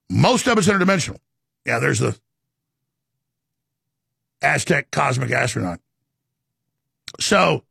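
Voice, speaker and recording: A man's voice: high-pitched, vocal fry, pushed and bright, breathy edge, no room sound, clean studio sound. A man delivering an impassioned, ranting monologue, repeating words as he pushes his points. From Texas. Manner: ranting, rapid and repetitive.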